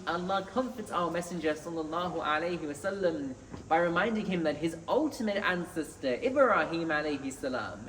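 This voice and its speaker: A man's voice: on the high side, fairly bright tone. A man giving an earnest Friday sermon in a mosque, reciting Arabic scripture between his points. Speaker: mosque preacher. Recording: echoey hall, distant mic, faint noise.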